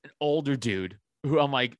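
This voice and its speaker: A man's voice: mid-range voice, normal speed, no echo. Young guy ranting a story, lots of swearing, does the voices, dry close sound. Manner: profane, animated storyteller acting out quoted voices. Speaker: podcast guest. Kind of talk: casual storytelling chat.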